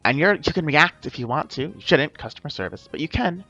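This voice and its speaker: A man's voice: on the high side, animated, fairly quick, bright, forceful tone, dull audio, faint music behind. A man in an unscripted vlog monologue, rambling and repeating himself as he gives advice straight to the viewer. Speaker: vlogger.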